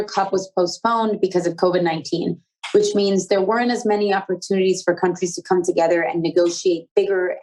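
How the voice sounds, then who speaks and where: Hosting the youth conversation, this young woman brings eager, upbeat energy to scripted presenting and casual questions. Her voice sits on the low side and sounds a little mellow over a rough recording.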